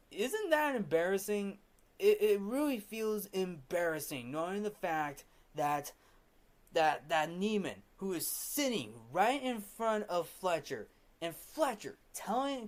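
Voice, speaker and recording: Rambling man recapping a film. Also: sits high. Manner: rambling, repeats "literally", many restarts. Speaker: film review host.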